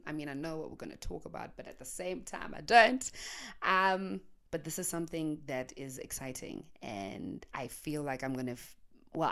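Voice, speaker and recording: South african girl with a low voice, chatty podcast story, laughs a lot, mixes in zulu slang, handheld mic in bed. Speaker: podcaster and YouTuber. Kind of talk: casual storytelling monologue. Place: bedroom, on her bed. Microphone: handheld microphone.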